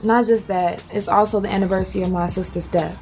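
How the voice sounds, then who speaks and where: A woman's voice: medium pitch, steady tone, fast talker, darkish tone, lightly acted. Woman playing a defensive young college girl, faint music behind. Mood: guarded. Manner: defensive, irritable. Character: young female college student, guarded and jumpy.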